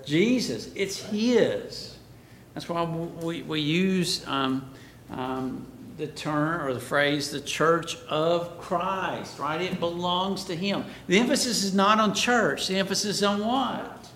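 A man preaching to a Bible class, slow and deliberate, throwing questions out to the room and then answering them. His voice sits a little high for a man. It rings in an echoey room, with a faint rumble underneath. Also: a bit bright.

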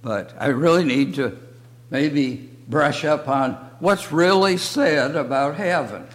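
Slow-talking older man teaching Bible. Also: a little high. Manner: slow, halting delivery in short phrases. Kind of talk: church Bible lesson. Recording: long reverb of a hall.

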